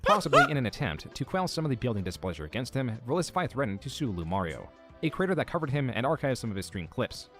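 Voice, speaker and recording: A man narrating a commentary video in a measured, scripted read, quoting posts. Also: mid-range voice, sing-song, over music. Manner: measured, reads out quotes.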